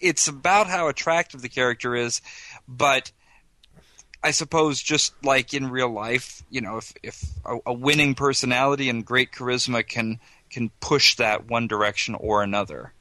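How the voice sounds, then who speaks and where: A man's voice: mid-range voice, fairly even intonation, normal speed, pushed and bright, no room sound, rough recording. A man co-hosting a casual tabletop gaming discussion, explaining rules in a chatty way and chuckling as he goes. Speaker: podcast co-host presenting a segment.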